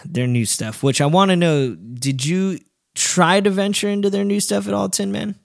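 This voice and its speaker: A man co-hosting a podcast, chatting casually and telling stories, acting out quotes in a high quivering voice. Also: moderate pace, gravelly, no echo, clean studio sound. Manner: animated storyteller, acts out quotes in a high quivering voice. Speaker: podcast co-host. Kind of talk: casual chat.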